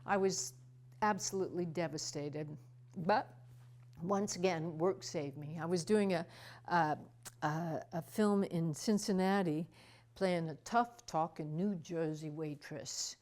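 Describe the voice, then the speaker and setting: Slow-talking older woman telling her story. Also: lowish voice, darkish tone. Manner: wry, dramatic, with acted asides. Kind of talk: personal storytelling monologue over music.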